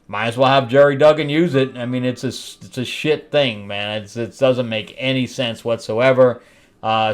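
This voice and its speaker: A middle-aged man hosting a comic review show, recapping an issue in a loose, rambling way, chuckling at his own asides with lots of fillers. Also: medium pitch. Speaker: comic book review host. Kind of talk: casual solo recap.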